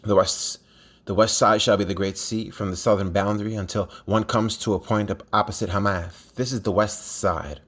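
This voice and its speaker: A man reading scripture aloud at a steady pace, with a few slips and restarts. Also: on the low side, normal speed. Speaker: scripture reader.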